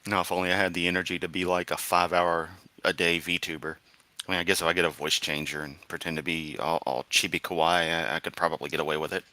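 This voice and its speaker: A man's voice: sits low, level tone, fast talker, sharp tone, no room sound. A tired man streaming live, reading and mocking comments in a sarcastic, rambling way. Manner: sarcastic, rambling, with laughs and restarts. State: tired, yawning.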